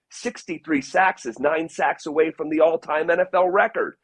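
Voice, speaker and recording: Husky, animated man talking sports. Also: a little high, no room sound. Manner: animated, emphatic, fast riffing. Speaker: radio sports host, guest. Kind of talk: casual sports analysis.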